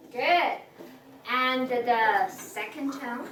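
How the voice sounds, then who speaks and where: Loud music plays behind an expressive, high-voiced female Chinese teacher who unhurriedly demonstrates tones out loud for her class, often pausing on fillers. The classroom sound is distant, reverberant and noisy.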